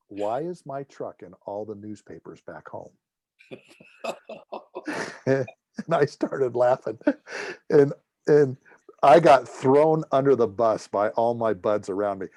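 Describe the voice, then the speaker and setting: A man's voice: medium pitch, unhurried, pauses often, dry recording. A middle-aged man, a former air force officer giving a guest talk, telling anecdotes with humor and acting out the dialogue of the people in his stories. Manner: lively storyteller, acts out dialogue, jokes.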